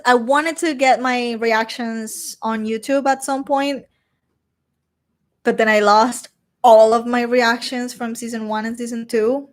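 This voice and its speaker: Slow-talking chatty woman. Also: on the high side. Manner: chatty, laughs often, reads comments aloud. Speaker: streamer reading live chat. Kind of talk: casual live-stream chat.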